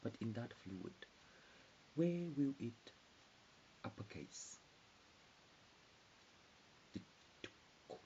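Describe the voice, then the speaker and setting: A man's voice: mid-range voice, sing-song, drawn-out words, pauses often, mellow. A man in his forties rambling in a disjointed stream of consciousness, often dropping into whispers. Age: 40s. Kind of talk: rambling monologue. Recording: dull hissy lo-fi recording.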